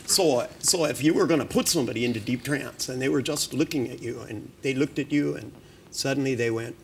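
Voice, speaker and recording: An older man, a hypnotist, running a live hypnosis demonstration at a seminar, joking and teasing between slow, soft trance suggestions. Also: mid-range voice, vocal fry, noisy background. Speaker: hypnotist leading a training seminar. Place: seminar room with participants.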